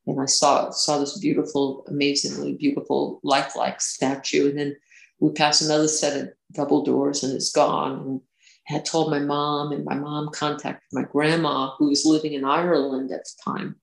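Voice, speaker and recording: Guest: woman, gravelly voice, halting delivery, roomy echo. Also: low voice, little pitch movement. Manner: hesitant, many restarts and fillers. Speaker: interview guest. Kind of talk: casual recounting of personal experiences.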